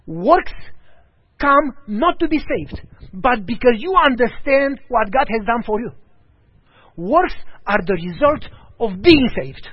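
Male preacher, lively storytelling delivery with voiced dialogue; high, animated pitch. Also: slightly rough, no echo. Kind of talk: sermon. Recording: dull lo-fi audio.

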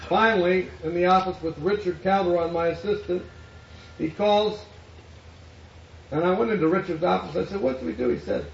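High-voiced pastor telling a story. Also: male voice, normal speed, gravelly, slight background noise. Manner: animated storyteller acting out quoted voices. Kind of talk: sermon storytelling. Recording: echoey hall, distant mic, dull sound.

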